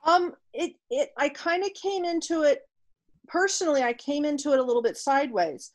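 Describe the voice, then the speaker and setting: Woman guest, kinda high voice, stops and starts a lot while thinking. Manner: thoughtful, halting, searches for words. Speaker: guest author. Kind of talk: casual interview chat.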